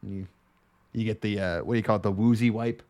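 A man's voice: lowish voice, fairly even intonation, quick pace, darkish tone. A man co-hosting a casual anime review podcast, joking around and acting out scenes from the show in goofy voices. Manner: jokey, acts out characters in silly voices. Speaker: podcast co-host.

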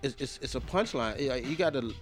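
A man co-hosting a podcast in casual chat, giving blunt, quick opinions. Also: mid-range voice, lively intonation, over music. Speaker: podcast co-host.

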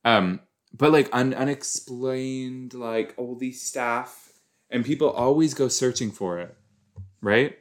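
A man with a mid-range voice speaks at a slow pace as a podcast host. He reacts casually to an episode as he watches, rambling playfully and sprinkling in silly words of his own invention.

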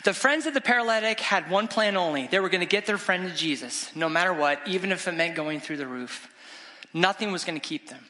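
A middle-aged man, a guest evangelist, preaching an animated, exclamatory storytelling sermon in a church sanctuary. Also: high-pitched, brisk. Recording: long church reverb.

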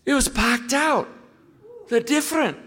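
A preacher voicing an excited male pastor from Glasgow, who keeps repeating himself as he talks. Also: a little slow, breathy edge, full character voice. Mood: thrilled. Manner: breathless, repeating himself, rising pitch. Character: excited middle-aged male Glaswegian pastor. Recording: echoey hall.

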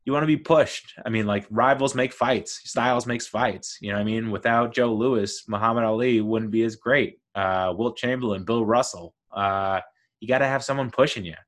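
A man's voice: mid-range voice, moderate pace. A man hosting a solo podcast, talking through his thoughts in an enthusiastic, rambling way. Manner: enthusiastic, rambling, lively storytelling. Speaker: podcast host.

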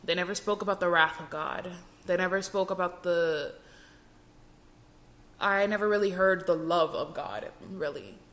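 Young woman podcaster sharing her testimony, kinda low voice, earnest and emotional, keeps restarting sentences. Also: moderate pace, fairly bright tone. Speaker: podcast host. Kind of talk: personal faith testimony.

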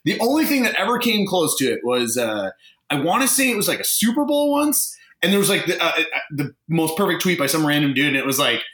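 A man with a fairly high, bright and lively voice rants in casual podcast chat, swearing freely. His pitch swings a lot as he talks. The sound carries an echoey room around him. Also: fairly quick. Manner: animated, swearing, exasperated ranting. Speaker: podcast co-host.

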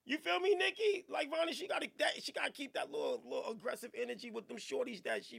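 A man hosting a radio podcast, riffing in casual, profane, animated banter. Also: extremely high pitch, quick pace, vocal fry, hardly any pauses. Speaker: radio show host. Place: radio studio.

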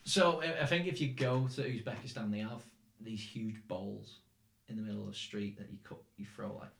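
Podcast host, young Northern English man, lowish voice, loose rambling chat in a roomy space. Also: fairly even intonation, a little fast, gravelly, fairly bright tone. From England. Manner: rambling, swears, laughs often. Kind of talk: casual chat.

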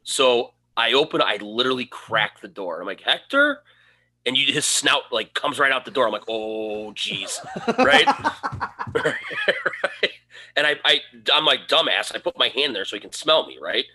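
A man's voice: mid-range voice, moderate pace, breathy edge. A man co-hosting a podcast, telling a casual story and acting out the quoted lines with animation. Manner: animated, acts out his own quoted lines. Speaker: podcast co-host.

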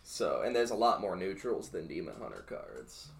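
A man's voice: sits low, moderate pace, creaky. A man co-hosting a podcast, rating cards in casual, rambling chat with lots of fillers. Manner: rambling, filler-heavy, excited. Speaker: podcast co-host. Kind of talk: casual card-review chat.

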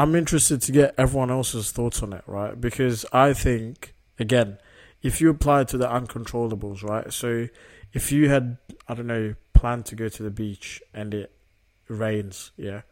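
A man's voice: medium pitch, moderate pace. A young man hosting a casual solo podcast, talking reflectively and often checking in with the listener through tag questions. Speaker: podcast host.

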